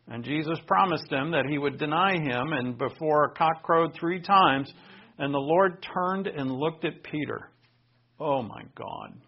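A man's voice: on the high side, lively intonation, normal speed, vocal fry, breathy edge, dull audio. A man preaching a sermon, retelling scripture in an earnest, conversational way with personal asides.

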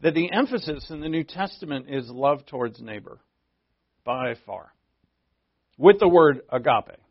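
A man preaching from the pulpit in an easygoing, questioning way, his voice slightly gravelly at a middling pitch. The recording is dry with little room sound and a somewhat dull, lo-fi tone. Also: expressive, measured pace, dry recording. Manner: conversational preaching, asks the congregation questions. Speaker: pastor. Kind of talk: sermon.

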